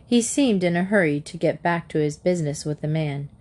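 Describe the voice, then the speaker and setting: A woman reading a children's book aloud in a gentle, expressive narration. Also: fairly low pitch, brisk. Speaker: audiobook narrator.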